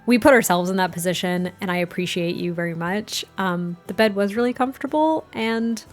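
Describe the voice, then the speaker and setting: A woman's voice: mid-range voice, fairly quick, soft background music, natural voice. Woman voicing a flustered, grateful ranch girl. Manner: gushing, apologetic, thankful.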